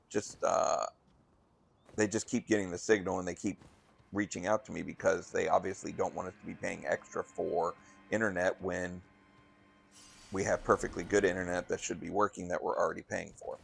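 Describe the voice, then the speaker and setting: A man's voice: low voice, gravelly, breathy edge. A man, a restaurant manager, telling a rambling story in a casual, conversational way while gaming, acting out the dialogue he quotes.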